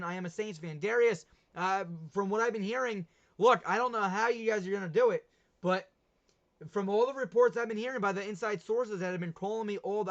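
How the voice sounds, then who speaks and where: Young guy rambling on his sports stream, kinda high voice, muffled lo-fi sound. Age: young adult. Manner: chatty, rambling, laughs at himself. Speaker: livestream host. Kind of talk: casual sports talk livestream. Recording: dull lo-fi stream audio.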